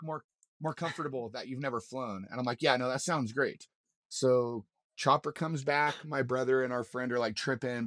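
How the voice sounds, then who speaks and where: A man's voice: mid-range voice, no room sound. A man, a mountain guide and podcast guest, telling a story casually, acting out what others said and swearing freely. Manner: animated, acts out quoted lines, swears freely.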